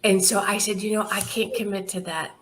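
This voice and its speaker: A woman's voice: medium pitch, a little fast, a little hiss or hum. A middle-aged woman, a charity founder, telling stories in a casual interview, laughing often and acting out the people she quotes. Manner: lively anecdotal, laughs often, acts out quoted dialogue.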